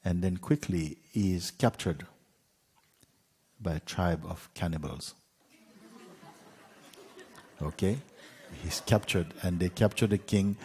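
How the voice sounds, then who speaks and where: Husky deep-voiced male teacher, unhurried storyteller. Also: big-room sound. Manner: unhurried, with soft asides and light laughs. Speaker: spiritual teacher. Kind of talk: storytelling talk.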